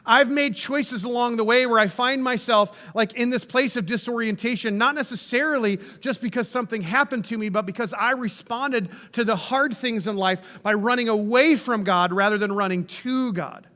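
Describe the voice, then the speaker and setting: A man's voice: extremely high pitch, moderate pace, few pauses, bright, forceful tone, big-room sound. A man preaching a sermon in a conversational way, often checking in with the listeners. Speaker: pastor.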